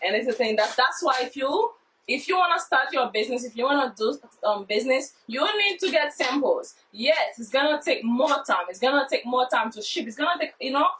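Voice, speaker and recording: Woman talking to her viewers, kinda high voice, a little far from the mic, swears a lot, gets hyped fast. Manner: excitable, swearing, talks straight to viewers, non-native grammar. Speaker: vlogger unboxing her own fitness products. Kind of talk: casual unboxing vlog. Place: home basement.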